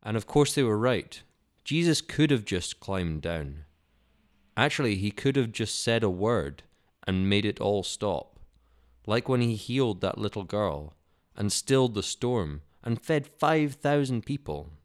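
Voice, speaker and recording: Low-voiced man reading a bible story slowly, dramatic and solemn. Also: animated. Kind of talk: Bible story narration for children.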